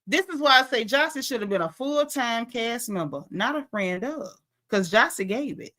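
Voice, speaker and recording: Woman with a high voice, reality show recap host, gossipy, acts out the quotes. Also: expressive, normal speed, pushed and bright. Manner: chatty and gossipy, acting out cast quotes. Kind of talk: casual show recap commentary.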